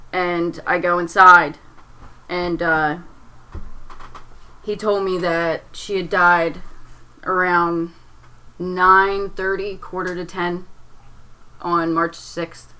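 Young woman with a low, bright voice. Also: low-quality recording. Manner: rambling, heavy use of "like", restarts under strain. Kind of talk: emotional personal storytelling.

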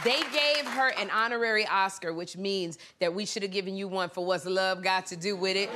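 A woman talk show host doing a comedic monologue on the news, animated and laughing, slipping into squeaky high impressions. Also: a little fast, a loud crowd. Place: television studio with live audience. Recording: studio audience cheering and noise behind.

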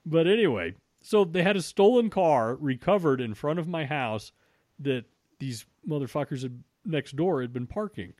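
A man's voice: a little high, moderate pace, no echo, studio quality. A man casually telling a story, swearing freely and restarting his sentences as he goes. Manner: swears freely, frequent restarts, animated retelling.

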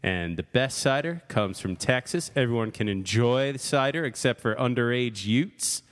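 A man's voice: medium pitch, lively intonation, normal speed, in a large hall. A man hosting a casual podcast chat, playful and jokey, laughing often. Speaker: podcast host. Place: studio in Brooklyn.

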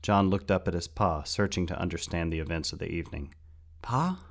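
A man's voice: deep voice, fairly even intonation, fast talker, vocal fry. A man voicing a bewildered young boy asking urgent questions. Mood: worried.

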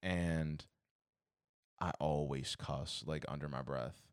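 A man's voice: a bass voice, steady tone, slow, clean tone, no room sound, studio quality. A young man co-hosting a podcast, ranting in an exasperated, profane way in casual chat. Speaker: podcast co-host.

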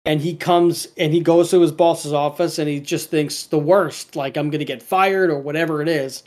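A man's voice: a little high, flat delivery, moderate pace, darkish tone. A man in casual podcast chat, rambling through a cartoon episode with lots of fillers and restarts.

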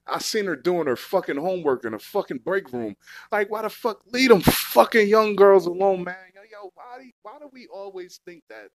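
A man's voice: on the high side, no echo. A young man in a casual, heated rant, full of slang and swearing, repeating himself as he goes. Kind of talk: casual profane rant to camera.

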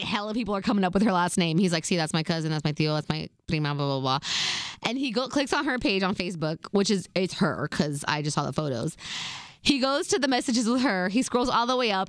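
A woman's voice: mid-range voice, lively intonation, fairly quick, dry recording, studio quality. Young woman telling a slangy storytime. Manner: slangy, chatty retelling full of asides. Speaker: vlogger. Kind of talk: casual storytime chat.

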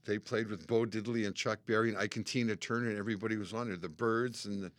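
An older man from Canada, a musician guest spinning animated stories in a casual chat and acting out the people he quotes. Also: on the low side, fast, no echo. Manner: animated storyteller, acts out quotes and sings snippets. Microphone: studio mic.

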